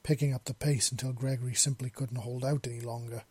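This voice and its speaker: A man narrating a romance story in a quiet, intimate reading. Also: mid-range voice, flat delivery, fast talker, husky, dry recording.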